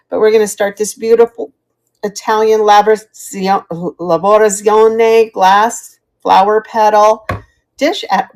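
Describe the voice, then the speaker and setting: A middle-aged woman hosts a live-stream sale of vintage goods, chatting and thanking her viewers by name in a slightly high, slightly mellow voice.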